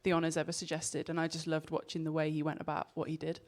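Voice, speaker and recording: A woman's voice: deep voice, completely flat delivery, quick pace. A woman in her thirties, a professional rugby player, answering interview questions in an easygoing, modest way. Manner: easygoing, modest, laughs easily. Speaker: guest, pro rugby player. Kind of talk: casual interview chat.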